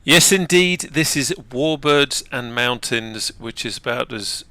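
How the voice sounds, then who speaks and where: Male sim-flying host, casual and self-deprecating; gravelly, bright voice in a dry room. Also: medium pitch, lively intonation, measured pace, no room sound, soft background music. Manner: chatty, self-deprecating, talks while operating controls. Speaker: flight sim video host. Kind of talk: casual gameplay narration.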